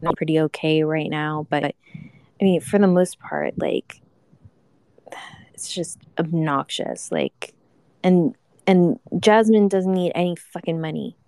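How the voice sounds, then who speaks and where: A woman's voice: deep voice, measured pace, dark tone, smooth, no room sound, clean studio sound. A young woman giving a live reaction to a reality show, ranting casually with swearing and lots of fillers. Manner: ranting, profane, many fillers.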